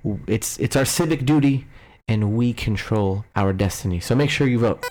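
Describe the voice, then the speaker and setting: A man's voice: fairly low pitch, moderate pace. A man hosting a podcast in casual chat, loose, joking and profane. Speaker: podcast host.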